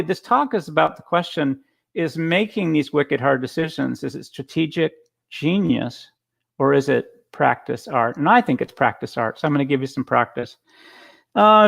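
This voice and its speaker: A man's voice: fairly high pitch, gravelly. A man giving a casual conference talk over a video call, telling stories with frequent restarts. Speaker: guest speaker.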